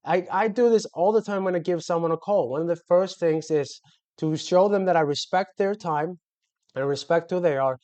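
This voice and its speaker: A man's voice: high voice, moderate pace, a little mellow. A man coaching on sales in a loose, conversational way, full of fillers and self-corrections. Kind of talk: casual instructional talk to camera.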